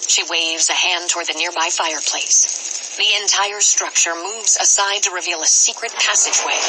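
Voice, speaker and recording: A woman narrating an interactive storybook adventure in an expressive way, pausing dramatically before each choice. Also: on the low side, slight background noise, poor audio.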